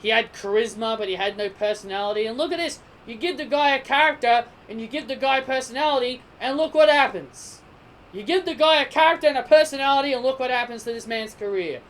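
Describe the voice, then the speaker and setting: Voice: medium pitch, fast talker. A wrestling show reviewer talking casually, who keeps correcting themselves and builds into emphatic rants. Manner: animated, gets heated and emphatic in rants; self-correcting, sidetracked chatter.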